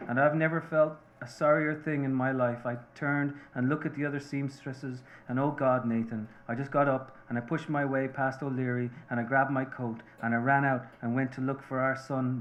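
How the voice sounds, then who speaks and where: A man reading the part of a remorseful Irish-American mother, a seamstress, confessing earnestly and haltingly to her husband. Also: medium pitch, fairly even intonation, fairly bright tone, highs cut off, close to an everyday voice.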